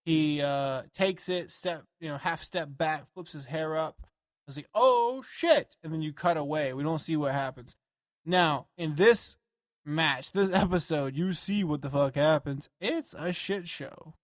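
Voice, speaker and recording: A man co-hosting a podcast, talking in a rambling, profane and animated way. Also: on the high side, measured pace, no echo, studio quality. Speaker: podcast co-host. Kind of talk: casual chat.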